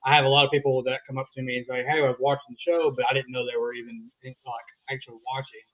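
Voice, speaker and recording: A man's voice: mid-range voice, little pitch movement, very fast. A man hosting a live show, talking hesitantly with stumbles and fillers. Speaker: host. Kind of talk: casual live show banter. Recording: tinny phone-like line.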